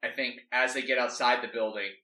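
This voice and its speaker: A man's voice: medium pitch, fairly even intonation, brisk, sharp tone. A man talking through a story plan casually, rambling and filling gaps with "like". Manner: rambling, full of "like". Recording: echoey room, mic at a distance.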